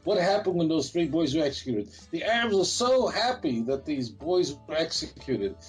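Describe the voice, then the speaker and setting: A man's voice: fairly high pitch, big pitch swings, moderate pace, husky, soft background music, rough recording. A man, a rabbi speaking as an interview guest, talking in an emphatic, defiant, repetitive way. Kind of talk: heated interview talk.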